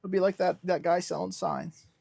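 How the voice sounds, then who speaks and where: Gravelly high-voiced man hosting a livestream. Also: normal speed, no echo. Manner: deadpan self-styled businessman persona. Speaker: livestream host. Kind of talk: casual livestream chat reading comments.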